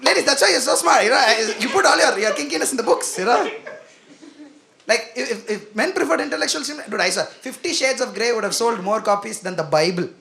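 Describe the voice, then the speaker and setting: A young man delivering a stand-up set with a gravelly edge and a lively, swooping delivery. He is animated and self-deprecating. The live club recording carries clear background noise. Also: very high voice, fast talker. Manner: animated, self-deprecating, acts out quoted voices. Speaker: stand-up comedian. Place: comedy club stage.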